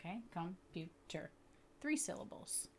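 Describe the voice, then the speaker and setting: A woman teaching a lesson for educators and parents, explaining patiently and sounding out words slowly. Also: fairly low pitch, big pitch swings, a little mellow, a little hiss or hum. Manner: patient, explanatory, checks in with "okay?". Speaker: literacy teacher. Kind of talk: instructional video lesson.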